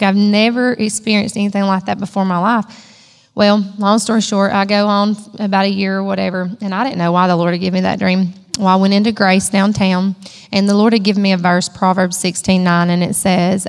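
A woman's voice: mid-range voice, big-room sound. A woman sharing an emotional personal testimony in a storytelling manner. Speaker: church member giving testimony.

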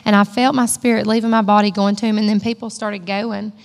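A woman's voice: medium pitch, level tone, fairly quick, gravelly, in a large hall. A woman sharing an emotional personal testimony in a storytelling manner. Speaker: church member giving testimony.

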